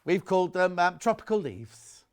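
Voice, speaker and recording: Jokey shopping tv guy, voice bouncing all over, pitched a bit high, chatty. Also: big pitch swings, normal speed. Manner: chatty, jokey, teasing the crew. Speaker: shopping TV presenter. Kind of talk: live shopping channel presenting.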